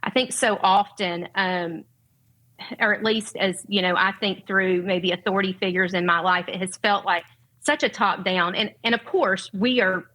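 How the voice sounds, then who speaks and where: Woman, Southern US accent, middle-aged, heartfelt and earnest, bright ringing tone, podcast guest. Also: mid-range voice, fairly even intonation, moderate pace, low-quality recording. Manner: earnest, heartfelt, faith-centered. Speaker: guest, parent and educator. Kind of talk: podcast conversation.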